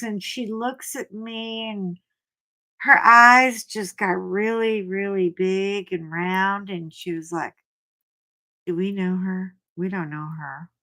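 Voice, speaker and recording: A middle-aged woman chatting on her own livestream, telling stories in an animated way and shrieking when she quotes herself. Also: mid-range voice. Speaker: livestream host. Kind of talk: casual chat to live viewers.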